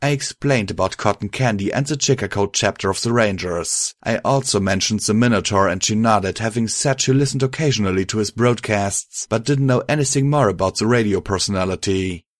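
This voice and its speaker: A man's voice: lowish voice, moderate pace, no room sound. Man narrating an audiobook, dry sound. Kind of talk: audiobook narration of fan fiction.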